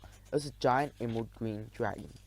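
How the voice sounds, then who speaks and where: A man narrating a children's adventure audiobook in the first person, telling it in an expressive, dramatic way. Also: mid-range voice, moderate pace, vocal fry, a little hiss or hum, poor audio.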